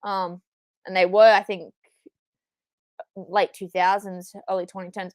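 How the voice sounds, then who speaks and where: A young woman hosting a live watchalong, reacting excitedly, swearing and yelling at the screen, then repeating her frustration. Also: medium pitch, a little slow, long pauses, smooth, no room sound. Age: young adult. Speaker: watchalong streamer.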